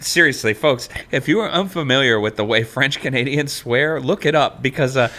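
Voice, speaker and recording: A man's voice: mid-range voice, normal speed, bright, forceful tone. A man co-hosting a podcast, joking around casually and laughing often. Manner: jokey, laughing often, reads passages aloud. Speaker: podcast co-host.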